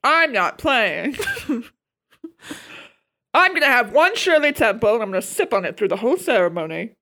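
A woman's voice: a little high, sing-song, moderate pace, bright, forceful tone. A woman co-hosting a casual chat, playfully spinning absurd stories and acting out quotes. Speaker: podcast co-host.

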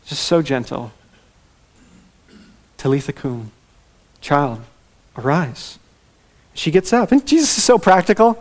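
Earnest preacher, man, slightly high voice. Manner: earnest, slows down and softens when reading scripture. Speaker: pastor. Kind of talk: expository sermon.

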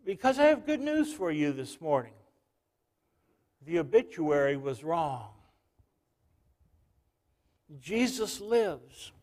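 A man's voice: on the high side, very animated, takes it slowly, long pauses, darkish tone, slight background noise. A male pastor preaching a sermon, telling a story and calling out to the congregation.

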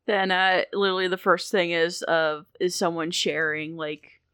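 A woman's voice: fairly low pitch, steady tone, moderate pace, sharp tone, clean tone, no room sound, clean studio sound. A woman playing a tabletop game, flustered and hesitant as she describes her moves. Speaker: player. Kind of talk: casual chat during a tabletop game.

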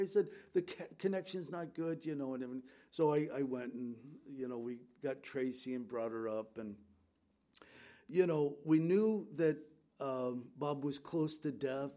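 A man's voice: mid-range voice, moderate pace, dark tone. A middle-aged man pastor speaking to his congregation in a conversational, storytelling way, with fillers and restarts. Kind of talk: sermon.

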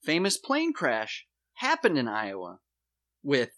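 A man hosting a comedy podcast, laying out a mock conspiracy theory in a deadpan voice with dramatic emphasis. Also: medium pitch, takes it slowly.

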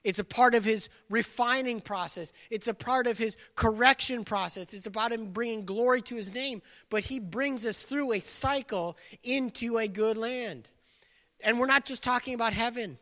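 Man, pastor, casual conversational sermon, high bright voice. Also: moderate pace. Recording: long hall reverb.

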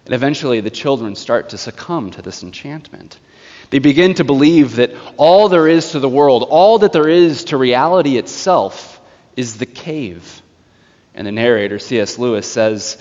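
A male pastor preaching a sermon, telling a story in an animated way. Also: medium pitch, moderate pace. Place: church sanctuary. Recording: echoey church hall, slightly dull.

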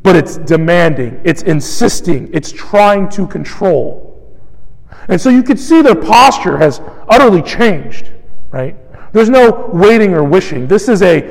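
Man, pastor, sermon, high-pitched, conversational, acts out quotes, echoing church hall. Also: big pitch swings, unhurried, creaky.

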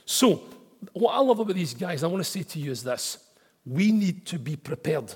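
A man preaching a sermon as pastor, emphatic and building to forceful repeated declarations. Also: sits high, animated, normal speed, slightly rough, in a large hall. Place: church auditorium.

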